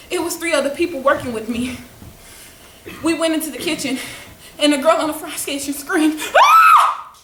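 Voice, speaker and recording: A woman's voice: sits high, fairly bright tone. A woman giving a dramatic first-person story, acting out the dialogue vividly. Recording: echoey room, distant mic, faint noise.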